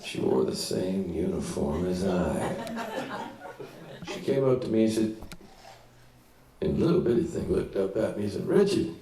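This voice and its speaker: A man telling a story live on stage in a small listening room, in an animated, folksy way and acting out voices. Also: sits low, a little slow, pauses often, crowd noise. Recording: roomy venue, distant mic, audience laughter.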